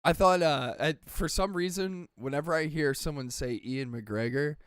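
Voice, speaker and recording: Smooth-voiced excitable young podcast host. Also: male voice, on the high side, normal speed, dry recording, clean studio sound. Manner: enthusiastic, swears freely, laughs often. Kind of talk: casual podcast chat.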